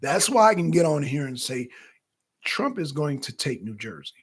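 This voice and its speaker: A man's voice: on the high side, normal speed, husky. A man co-hosting a political talk show, talking casually and profanely straight to his viewers. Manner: animated, profane, chatting directly to viewers. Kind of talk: casual livestream commentary.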